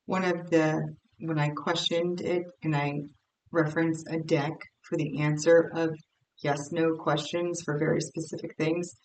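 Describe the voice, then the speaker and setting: Rambling woman reading tarot, roomy and distant. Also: low-pitched. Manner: rambling, self-interrupting, thinking aloud. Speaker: tarot reader. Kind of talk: casual tarot reading to camera. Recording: roomy, off-mic with faint noise.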